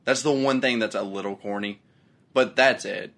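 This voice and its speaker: A man's voice: fairly low pitch, fairly even intonation, moderate pace, creaky, a bit bright. A man co-hosting a podcast, casually laying out his points with some swearing. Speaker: podcast co-host.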